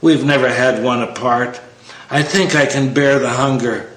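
A man's voice: medium pitch, fairly even intonation, moderate pace, a bit bright, roomy sound, slight background noise, natural voice, low-quality recording. A man voicing a dying, starving old woman within a recited poem, in a pleading manner.

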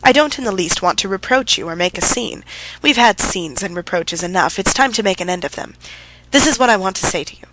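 A woman voicing a sick, weary male doctor who speaks in a tired, resigned, measured way. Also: medium pitch, animated, noisy background, natural voice.

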